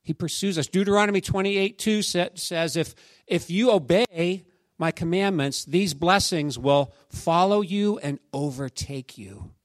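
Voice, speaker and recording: A man preaching a sermon, telling stories and quoting scripture, dropping to a hush and then rising to shouts. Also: high-pitched, measured pace, no room sound, clean studio sound. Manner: storytelling, swings from hushed to shouting. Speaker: pastor.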